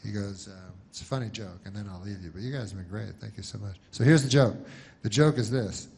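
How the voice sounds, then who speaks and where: A man doing a stand-up set, deadpan and halting, with many false starts. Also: on the low side, gravelly, slightly rough. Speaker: stand-up comedian.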